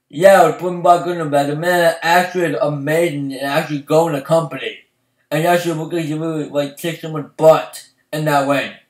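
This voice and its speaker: A young man ranting as a fan vlogger, swinging from loud outbursts to low mumbling. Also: fairly quick, far from the mic. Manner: excitable, swings from shouting to mumbling. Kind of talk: heated ranting. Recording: echoey room, voice off-mic.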